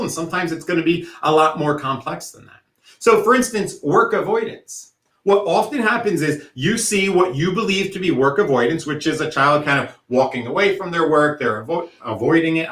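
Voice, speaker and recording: A man giving a workshop presentation in an earnest, conversational way, slowing down to stress key points. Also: a little high, a bit bright, echoey room. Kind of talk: recorded presentation talk.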